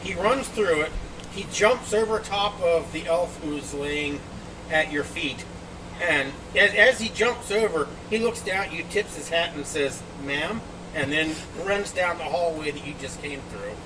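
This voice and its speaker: A man with a voice on the high side narrates unhurriedly as game master of a tabletop game, recorded outdoors. His descriptions of scenes are lively, and the distant mic picks up outdoor background noise.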